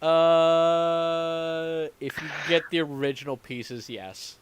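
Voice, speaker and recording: A man's voice: fairly high pitch, little pitch movement, takes it slowly, slight background noise. A man running a tabletop game as dungeon master, chatting casually after the session, swearing and laughing often. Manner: profane, laughing, quotes players in silly voices. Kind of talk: casual post-session chat.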